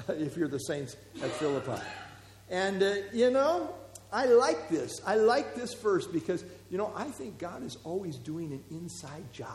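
A man preaching as a pastor, teaching verse by verse in a relaxed, conversational way with fillers and asides. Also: high voice. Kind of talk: expository Bible teaching. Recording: echoey hall.

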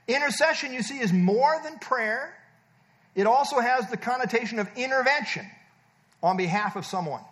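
A man's voice: very high voice, fairly bright tone. A man preaching a sermon, emphatic and teaching, stressing points by repeating words. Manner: teaching, explains verb tenses and verses. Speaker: pastor.

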